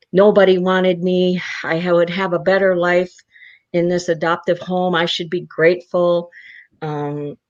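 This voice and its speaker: A woman speaks in a fairly low voice, emotional and animated as she recounts her past and acts out what she once said. She is an interview guest on a video call, and the audio is dull and lo-fi. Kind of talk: personal storytelling in a live online interview.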